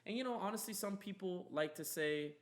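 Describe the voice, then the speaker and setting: A man's voice: sits high, a little fast. A young man hosting a podcast, telling a story in a heated, emphatic way and swearing often. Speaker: podcast host. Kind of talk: casual storytelling chat.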